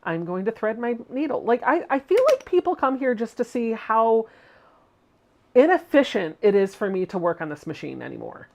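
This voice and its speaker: A woman's voice: fairly high pitch, sing-song, moderate pace, vocal fry, a little mellow. A woman from Virginia hosting a casual sewing tutorial on a livestream from her home sewing room. She is chatty, laughs easily, and corrects her wording mid-sentence. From Virginia, USA. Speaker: sewing channel host.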